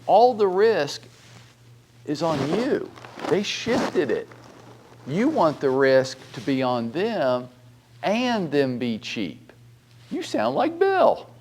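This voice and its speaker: A middle-aged man, a real estate broker, giving a blunt, animated training talk full of rhetorical questions and mild swearing. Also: fairly high pitch, takes it slowly, slight background noise.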